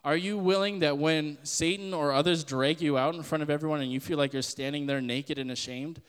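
A man's voice: a little high, steady tone, a little fast, smooth, in a large hall. A man in his twenties giving a casual spoken sermon as a podcast host, earnest and conversational. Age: 20s. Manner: earnest and conversational, with frequent laughs and fillers.

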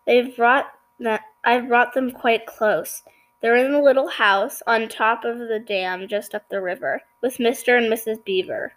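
A woman's voice: a little high, steady tone, measured pace, lightly acted, low-quality recording. A woman voicing a nervous, trembling boy who is eager to please, in a storybook reading.

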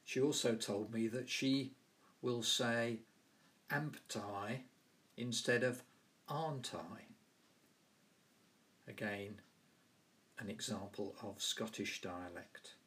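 Southern english guy, slow careful delivery, kinda low. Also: fairly bright tone. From London and the South of England. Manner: measured, carefully spoken. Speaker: podcast host. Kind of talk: scripted language explanation.

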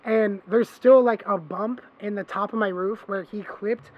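A man hosting a podcast, telling a long story in casual chat, animated and swearing freely, acting out what others said. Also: sits high, a little slow, muffled recording. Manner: animated, swearing, acts out quoted voices. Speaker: podcast host.

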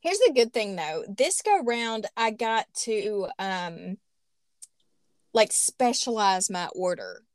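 A woman's voice: medium pitch, animated, takes it slowly, no echo, studio quality. A woman, co-hosting a podcast in casual, rambling chat with self-deprecating jokes. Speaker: podcast co-host. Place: small closet.

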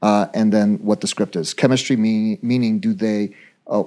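A man on a podcast calmly explaining advice about pitch meetings, drawing on his teaching. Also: moderate pace. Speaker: podcast co-host who teaches. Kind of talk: conversational advice.

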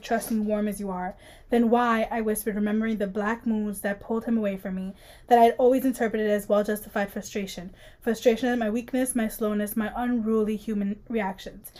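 A woman's voice: mid-range voice, warm tone. A woman co-hosting a casual podcast, reading book passages aloud and joking, laughing often. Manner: reads dramatically, laughs often, playful. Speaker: podcast co-host.

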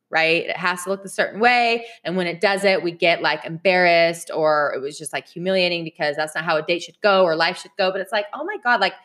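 A woman's voice: medium pitch, fairly bright tone. Giggly, chatty woman telling stories. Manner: chatty, laughs often while telling stories; speaks straight to listeners, casual swearing. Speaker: podcast host. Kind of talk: casual chat.

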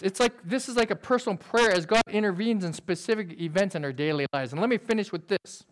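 Man preaching, high voice, earnest, conversational, sober manner. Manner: earnest, conversational, with quick illustrations; describes himself as sober by nature. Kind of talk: sermon.

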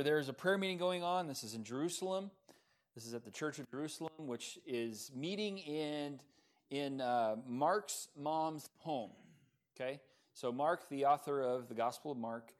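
A man preaching a sermon, telling the story in a lively, animated way with casual fillers and asides. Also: on the high side. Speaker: pastor.

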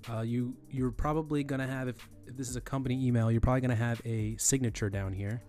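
A man's voice: mid-range voice, fairly even intonation, quick pace, warm tone, faint music behind. Casual man explaining with many restarts. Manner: conversational, many restarts and fillers, repeats himself. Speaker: teacher. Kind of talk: screen-recorded tutorial on email etiquette.

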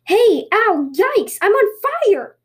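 A woman's voice: high-pitched, lively intonation, darkish tone, pitched above the performer's own voice. A woman voicing a hot-tempered, gullible male tanuki who yelps and blusters threats. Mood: panicked yelling. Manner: yelping, blustering, quick to threaten.

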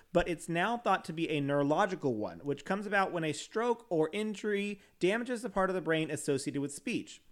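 Guy reading an article out loud on a podcast, kinda high voice, keeps stumbling and laughing it off. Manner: stumbles over words and restarts, laughs at himself. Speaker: podcast host. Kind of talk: reading an article aloud with casual asides.

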